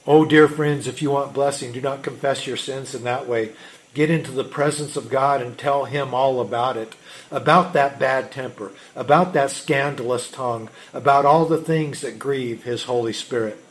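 A man preaching a sermon as a pastor, emphatic, swinging between loud urgency and hushed intensity. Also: medium pitch, fairly even intonation, normal speed.

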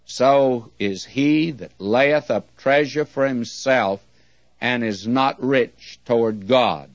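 Man, sermon, slow deliberate delivery, emphatic, muffled dry recording. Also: medium pitch, dry recording. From United States. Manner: measured, earnest preaching with slow emphatic readings. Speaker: preacher.

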